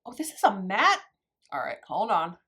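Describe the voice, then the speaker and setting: A woman's voice: medium pitch, huge pitch swings, moderate pace, a bit bright. Chatty woman rambling through a makeup tutorial. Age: adult, married. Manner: chatty, rambling, self-deprecating, laughs often. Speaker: beauty YouTuber. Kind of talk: casual makeup tutorial chat.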